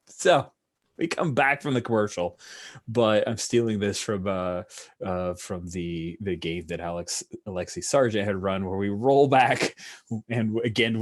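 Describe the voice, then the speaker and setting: A man narrating a tabletop role-playing game as game master, animated and often laughing. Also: mid-range voice.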